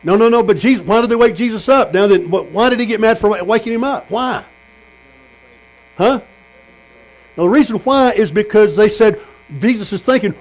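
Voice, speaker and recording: Male tent-meeting preacher, higher voice, sermon storyteller who questions the crowd. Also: moderate pace, pauses often, poor audio. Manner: storytelling, asks the congregation questions.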